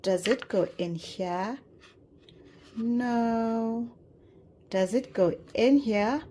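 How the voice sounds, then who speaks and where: A woman teaching toddlers in a slow, exaggerated, sing-song way, gasping and making animal sounds. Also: a little high, warm tone, a little hiss or hum. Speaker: children's educator. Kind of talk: toddler learning video.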